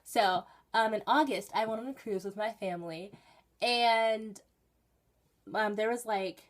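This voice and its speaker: A woman's voice: mid-range voice, measured pace. Chatty teenage girl vlogging from her bedroom. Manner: chatty, rambling, with bursts of excited emphasis. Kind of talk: casual storytelling vlog.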